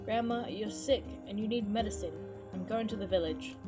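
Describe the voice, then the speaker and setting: A woman voicing an anxious but determined young girl, speaking in a high, urgent voice over clear background music. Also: moderate pace, lightly acted. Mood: gentle.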